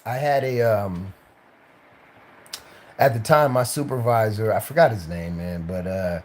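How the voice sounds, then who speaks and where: Deep-voiced tired man rambling through a story. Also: a little slow, a little hiss or hum. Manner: rambling, many fillers and restarts, slips into voices. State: tired, late at night. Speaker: actor telling his career stories. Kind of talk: casual live-stream storytelling.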